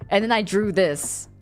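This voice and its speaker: A young woman streaming live, casually chatting with her viewers, reading their messages aloud and laughing often. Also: mid-range voice. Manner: animated, laughs often, reads chat aloud.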